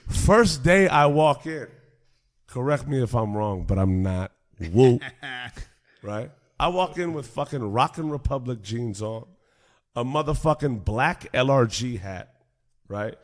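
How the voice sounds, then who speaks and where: A man in his twenties, a podcast host telling a story in a casual, animated way, swearing freely and laughing often. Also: medium pitch, takes it slowly, pauses often.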